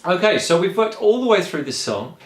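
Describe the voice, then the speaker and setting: A man giving a singing lesson, explaining calmly and encouragingly, step by step. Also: sits high, brisk, echoey room. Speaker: singing teacher. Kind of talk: vocal lesson.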